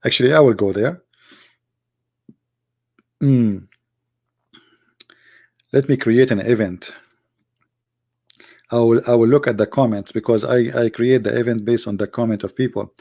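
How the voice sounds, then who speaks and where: Creaky-voiced man hosting a livestream. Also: medium pitch, measured pace, pauses often. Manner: animated storyteller in non-native broken English. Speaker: livestream host. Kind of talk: casual livestream chat.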